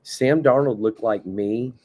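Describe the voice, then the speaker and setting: Husky-voiced man chatting casually. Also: medium pitch, unhurried. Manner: relaxed, laughs often, fillers like "like". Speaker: podcast co-host. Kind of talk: casual sports banter.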